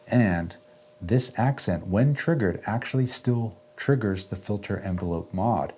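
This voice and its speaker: A man hosting a casual music gear walkthrough, relaxed and chatty, often checking in with "right?". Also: low-pitched, measured pace. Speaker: music gear video host. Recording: faint synth music underneath.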